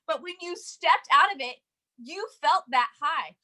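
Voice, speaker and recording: Woman, motivational sales chat, emphatic, high pitch. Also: moderate pace. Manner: energetic, emphatic, laughs often. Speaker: sales team leader.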